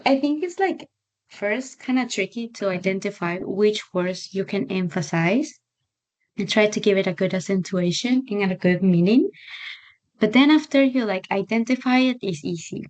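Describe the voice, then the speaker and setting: A woman's voice: mid-range voice, moderate pace, a little mellow. A woman teaching English on a video call, patient and encouraging as she models which word to stress. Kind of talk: online English lesson. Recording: muffled lo-fi audio.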